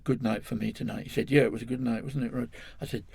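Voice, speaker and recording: An older Englishman recounting an old story to an interviewer, wandering and correcting himself as he goes. His voice is gravelly and slightly husky. The sound is close and dry. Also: medium pitch, steady tone, fast, darkish tone, no echo. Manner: rambling, self-correcting, chuckling storyteller. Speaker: guest.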